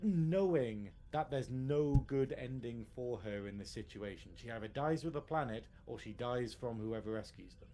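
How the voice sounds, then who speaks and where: Podcast co-host, a man, mid-pitched, emotional and rambling, faint noise behind him. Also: animated, normal speed, few pauses. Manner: emotional, rambling, many restarts. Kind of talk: casual review chat.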